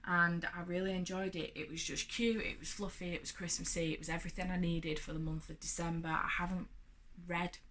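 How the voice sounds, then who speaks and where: A book vlogger with a fairly low, a bit bright voice talks fairly quickly in a flat delivery, with a little hiss or hum in the audio. In a casual monthly wrap-up, she rambles at length through her month of reading, full of fillers and restarts.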